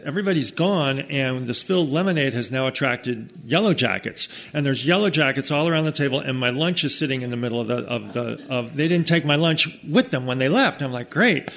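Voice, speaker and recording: Middle-aged male storyteller, chatty and mid-pitched, with aside-heavy delivery. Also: gravelly. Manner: conversational, frequent "okay?" asides, lively quoted voices. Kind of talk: told personal story.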